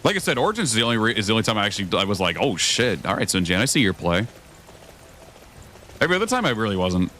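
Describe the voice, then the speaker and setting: A man's voice: on the low side, sing-song, rapid-fire, bright, forceful tone, slight background noise. A young man streaming a video game, chatting casually with his viewers, swearing often and rambling between thoughts. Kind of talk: casual gameplay commentary.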